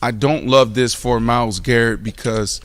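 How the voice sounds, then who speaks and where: Male sports show host, mid-pitch voice, casual slang, playful loud rants. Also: moderate pace. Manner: animated, loud rant with mock outrage; casual slang, talks to the live chat.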